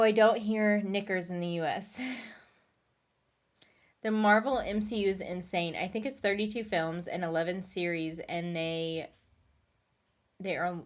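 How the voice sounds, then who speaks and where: Chatty low-voiced woman streamer. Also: steady tone, unhurried. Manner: rambling, chatty, reads and answers chat. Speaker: streamer reading chat. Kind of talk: casual livestream chat. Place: home office.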